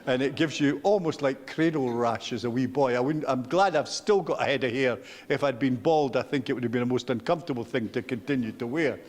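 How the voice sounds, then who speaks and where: A man's voice: medium pitch, fairly quick, hardly any pauses, a little mellow. Older Scottish man lecturing in a reverberant hall. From Scotland. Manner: anecdotal, self-deprecating storyteller. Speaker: guest speaker. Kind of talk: public lecture with slides.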